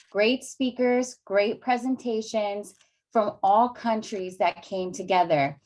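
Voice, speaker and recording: A woman's voice: mid-range voice, darkish tone. Upbeat woman hosting a summit session. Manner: enthusiastic and instructive. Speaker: summit host. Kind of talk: hosting a session, listing steps.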